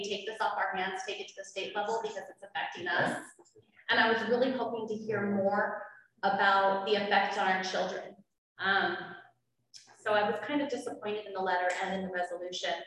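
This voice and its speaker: A woman, a parent, making a public comment at a school board meeting, earnest and getting emotional. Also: mid-range voice. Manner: earnest, growing emotional and forceful. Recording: echoey hall, distant mic.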